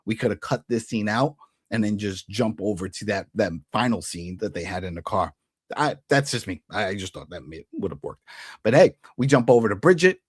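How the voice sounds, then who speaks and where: A man's voice: mid-range voice, no room sound, clean studio sound. Chatty man recapping a TV episode. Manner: chatty, retells scenes with quick put-on dialogue. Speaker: TV recap host.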